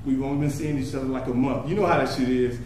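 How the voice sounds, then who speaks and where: A man performing stand-up comedy, telling a story in an animated, profane way and laughing often. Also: medium pitch, fast talker. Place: live venue stage. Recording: echoey room from far off, noisy.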